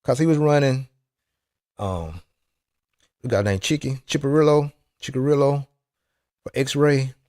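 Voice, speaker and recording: A man's voice: medium pitch, a little slow, pauses often, darkish tone, no echo, studio quality. A man talking loosely and teasingly in a casual chat about RC racing, with plenty of restarts. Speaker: RC racing vlogger.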